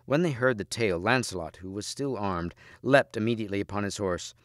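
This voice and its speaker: A man, a teacher, reading a storybook aloud in steady, measured audiobook narration. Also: lowish voice, no echo, studio quality.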